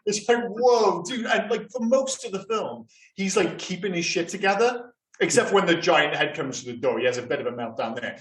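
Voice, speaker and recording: A man's voice: sits high, animated, moderate pace, few pauses, roomy sound, a little hiss or hum. A man co-hosting a podcast in casual, chatty talk, swearing now and then. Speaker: podcast co-host. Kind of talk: casual chat.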